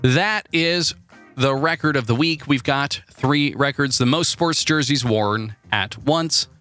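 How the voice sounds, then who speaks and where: A man with a bright, crisp voice at a middling pitch, hosting a casual podcast with rambling, stammering delivery. He runs the segments and tells stories between laughs, with music faint under him. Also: slow. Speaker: podcast host. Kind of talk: casual comedic chat.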